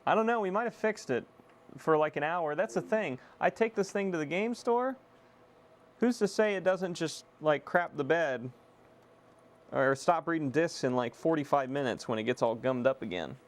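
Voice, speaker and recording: A young man casually chatting to viewers on a live stream while repairing a console, excitable and swearing freely. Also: fairly high pitch, moderate pace. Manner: excitable, swears, self-deprecating laughs.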